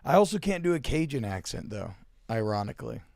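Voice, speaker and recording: A young man from Louisiana, talking loosely and quickly in a relaxed chat. His voice sits at a middle pitch, and he is recorded close and dry with no room echo. He trips over his own restarts as he goes. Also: gravelly. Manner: rambling, quick asides with lots of fillers and restarts. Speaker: guest. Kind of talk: casual chat.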